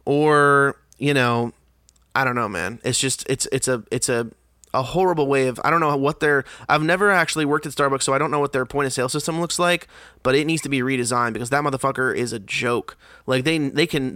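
Podcast host, young man, bright forceful tone, dry close sound, swears a lot, exasperated rambling delivery. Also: mid-range voice, no echo. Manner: profane, exasperated storytelling. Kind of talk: casual podcast monologue.

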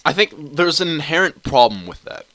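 A young man rambles through a solo podcast, swearing freely and restarting his sentences often. His voice is bright and a little sharp. He records close and dry on a cheap computer mic. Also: fairly high pitch, sing-song, moderate pace, no echo. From Canada. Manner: rambling, crude and profane, many restarts. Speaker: podcast host. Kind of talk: casual solo podcast monologue.

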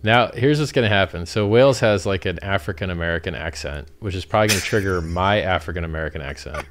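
A man hosting a livestream, talking casually in an animated, blunt way and swearing freely. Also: low voice, fast, a little hiss or hum. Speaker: livestream host.

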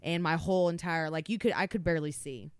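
A young woman on a podcast telling a story in an animated way, swearing constantly. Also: fairly low pitch, quick pace, clear, resonant tone, no echo. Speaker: podcast co-host. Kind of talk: casual storytelling.

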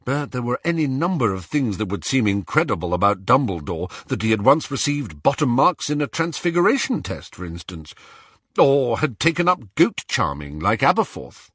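A man reading a novel aloud as an audiobook, telling it expressively and slowing or speeding up for tension. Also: medium pitch, slightly rough, dry recording, studio quality. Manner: expressive storytelling, shifting pace for tension. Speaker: audiobook reader. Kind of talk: audiobook narration.

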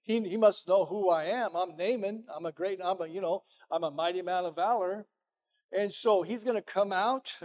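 A preacher doing a proud, boastful army commander. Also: male voice, sits high, normal speed, darkish tone, lightly acted. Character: proud male army commander expecting honor.

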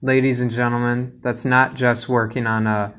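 A man's voice: mid-range voice, little pitch movement, normal speed, a bit bright, clear, resonant tone. A man hosting a casual podcast, joking and telling playful stories. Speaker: podcast host.

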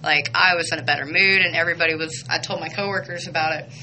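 A young woman hosting a radio show, chatting excitedly and rambling with lots of fillers. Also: deep voice, fast, slight background noise, poor audio. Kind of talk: casual chatty radio intro.

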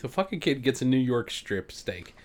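A man, a podcast co-host telling a profane, animated story in casual chat. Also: mid-range voice, normal speed, a little hiss or hum. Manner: profane, animated storyteller who acts out other people.

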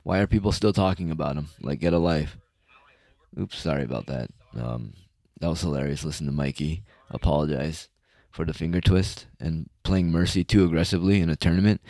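A low, dark-toned man talking close to a dry mic. He rants through a loose solo monologue, sarcastic and profane, with plenty of uhs and restarts. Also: fairly quick, no room sound. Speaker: solo podcast host. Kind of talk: casual rambling monologue.

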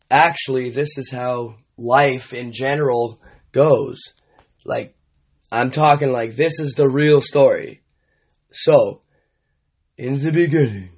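A man's voice: medium pitch, slow, long pauses, darkish tone, breathy edge. A man hosting a solo comedy podcast, rambling crudely and profanely in a mock-boastful way. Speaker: podcast host.

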